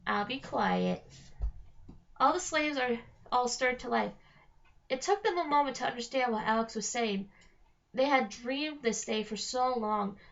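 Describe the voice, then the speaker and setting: Woman reading a chapter book aloud, higher voice, muffled lo-fi sound. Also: normal speed, fairly bright tone. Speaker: reader. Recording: dull lo-fi recording.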